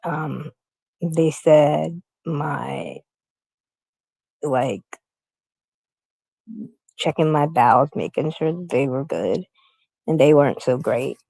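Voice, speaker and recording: A woman's voice: deep voice, animated, slow pace, vocal fry, pauses often, warm tone, slightly rough, dry recording, low-quality recording. A middle-aged woman livestreaming on her phone from a hospital room. She rambles casually and keeps greeting viewers by name. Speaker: YouTube livestream host.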